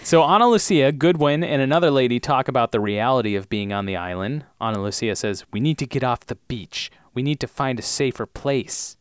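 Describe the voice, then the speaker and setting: A man chatting through a TV recap with a lot of swing in his pitch, joking and riffing. The mic is close and the sound dry, with no room around him. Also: lively intonation, brisk, few pauses, clear, resonant tone, dry recording. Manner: jokey, riffs on bits and laughs often. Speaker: podcast co-host. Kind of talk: casual chat recapping TV episodes.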